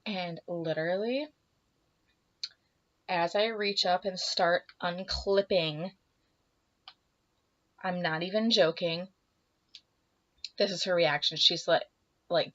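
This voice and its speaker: A woman's voice: lowish voice, a little slow, long pauses. Young woman vlogging a story, acts out the voices, bit teary, dull lo-fi sound. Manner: animated, acts out dialogue, drops to whispers. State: emotional, teary. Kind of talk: casual storytelling to camera.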